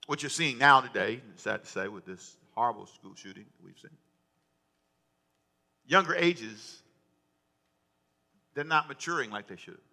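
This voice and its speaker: Very bright-voiced male pastor preaching. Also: mid-range voice, animated, normal speed, creaky, long pauses. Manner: conversational, repetitive, humorous asides. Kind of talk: sermon.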